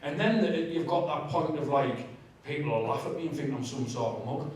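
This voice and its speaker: Man, testimony in church, lively storytelling, distant mic, very echoey hall. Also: fairly high pitch, a little fast, slight background noise. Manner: animated, self-mocking storytelling with asides. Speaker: speaker sharing his testimony.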